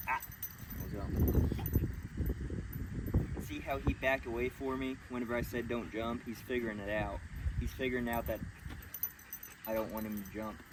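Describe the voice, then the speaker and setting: A man's voice: mid-range voice, fairly even intonation, normal speed, long pauses. A man working as a dog trainer, explaining training in a blunt, casual way while giving the dog short commands. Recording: distant mic with loud outdoor noise.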